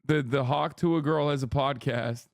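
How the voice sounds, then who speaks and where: A man's voice: medium pitch, fairly even intonation, a little slow, gravelly, no room sound, studio quality. A man giving casual livestream commentary, ranting in disbelief with plenty of swearing and laughter. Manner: profane, incredulous ranting with frequent laughs.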